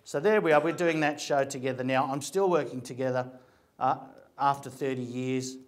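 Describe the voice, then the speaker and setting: A man's voice: medium pitch, moderate pace. A middle-aged man, an actor telling stories about his career in a chatty, rambling way with frequent restarts. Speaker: actor giving a talk. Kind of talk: casual storytelling talk.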